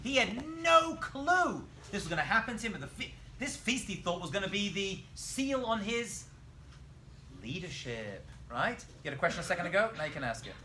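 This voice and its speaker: A man, a rabbi, teaching a lively Bible lesson in a classroom, telling the story with animation and quizzing his students. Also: high-pitched, normal speed, slight background noise.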